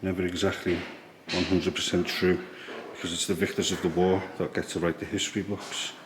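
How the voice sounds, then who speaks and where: A man quietly explaining history as he walks visitors through a museum in an old priory. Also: little pitch movement, brisk. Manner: hushed, low-key explaining. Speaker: history tour guide. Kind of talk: walking tour vlog. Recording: echoey room with background noise.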